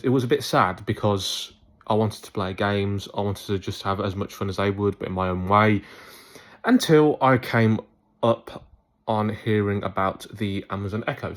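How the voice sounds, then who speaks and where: A young man telling a rambling, chatty story to his viewers in a casual vlog. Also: fairly low pitch. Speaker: YouTuber.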